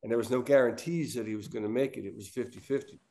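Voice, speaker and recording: A man who is a podcast guest, telling a story in a measured, casual way. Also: medium pitch, dark tone. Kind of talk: casual chat.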